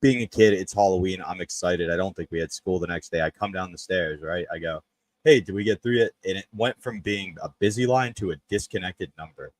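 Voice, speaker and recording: A man from Memphis, co-hosting a podcast, telling a story in a casual, animated way and shouting when he quotes others. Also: deep voice, fairly quick, hardly any pauses, dry recording, low-quality recording. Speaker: podcast co-host.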